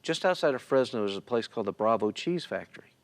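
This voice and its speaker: Middle-aged man, lively storyteller. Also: medium pitch, fast. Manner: animated, acts out other people's lines. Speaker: guest telling a personal story. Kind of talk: conversational storytelling.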